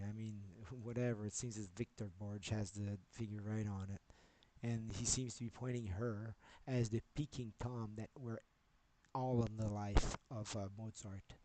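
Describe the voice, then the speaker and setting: A man live-streaming, talking in a rambling way, swearing and jumping between topics as he goes. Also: fairly low pitch.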